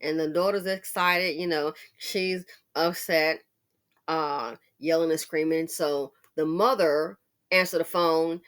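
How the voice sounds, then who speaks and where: A woman giving casual commentary on a news story, animated and talking straight to her viewers. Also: sits low, slow pace. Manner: animated, addresses viewers directly.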